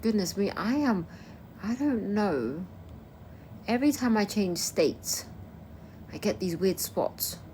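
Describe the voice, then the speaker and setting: A woman's voice: medium pitch, animated, slow pace, pauses often, dark tone, a little hiss or hum. A young woman from Kosovo chatting casually on a livestream, answering her viewers' comments as they come in. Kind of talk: casual live-stream chat.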